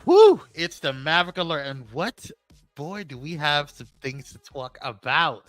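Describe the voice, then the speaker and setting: A man's voice: a little high, normal speed, no echo, soft background music, low-quality recording. A man with a New York accent co-hosting a live show, chatting casually, greeting viewers and reading out news. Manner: animated, shouts out viewers by name. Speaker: podcast co-host.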